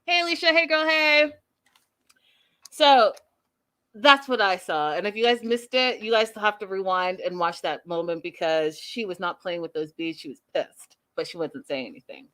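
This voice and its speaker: A young woman hosting a casual reality TV recap, sassy and animated, acting out the people she talks about. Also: on the low side, moderate pace. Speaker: recap show host.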